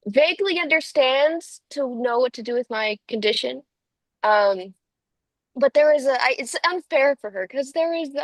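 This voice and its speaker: A woman's voice: on the high side, no echo, low-quality recording. A woman on a video call telling a casual story about her dog in a wry, offhand way. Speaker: workshop participant.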